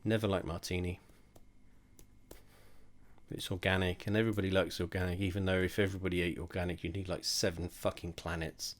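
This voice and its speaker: A tipsy young man talks his way through a drinks tasting in a low voice. He rambles and swears freely, and mocks his own efforts as he sips. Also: flat delivery, brisk. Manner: rambling, sweary, self-mocking. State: drunk. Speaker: host of a drinks tasting video. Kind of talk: casual tipsy tasting monologue.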